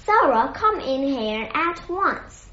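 Woman doing a booming, vain stage actor. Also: big pitch swings, slow, fairly bright tone, exaggerated voice. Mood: indignant. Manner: booming, dramatic, growling. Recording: echoey muffled lo-fi recording.

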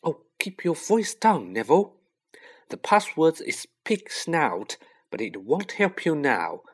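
A man voicing a brave young schoolboy who speaks sharply and in a hush. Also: on the high side, big pitch swings, slow pace, breathy edge, voice pushed up, heavily acted. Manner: sharp, hushed.

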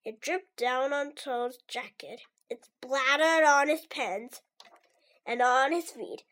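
A woman's voice: sits high, slow, fairly bright tone. A woman whose first language is Mandarin Chinese, hosting a children's story show and reading a story aloud in a sweet, upbeat, teacherly tone. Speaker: children's story podcast host.

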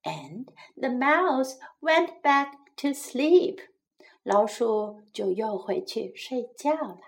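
Gentle woman reading a children's story. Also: fairly high pitch, big pitch swings, slow pace, vocal fry. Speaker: bilingual storyteller and English teacher.

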